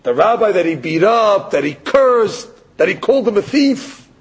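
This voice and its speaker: A man giving a sermon as a rabbi, telling a story in an animated way and rising to emphatic peaks. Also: high voice, moderate pace, breathy edge, poor audio. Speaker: rabbi or Torah teacher.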